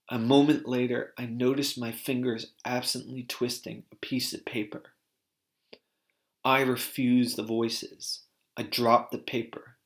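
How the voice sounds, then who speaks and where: A man reading aloud a personal essay he wrote, earnest and deliberate. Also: mid-range voice, flat delivery. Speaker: author reading his own article.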